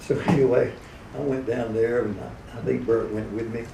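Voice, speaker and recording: A gravelly-voiced man spins folksy, chuckling stories, dropping into quick character voices along the way. He's heard from a distance in an echoey hall, with room noise humming behind him. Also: medium pitch, steady tone. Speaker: radio personality telling stories. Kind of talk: anecdotal storytelling at a live event. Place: event hall. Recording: echoey room, recorded from far off.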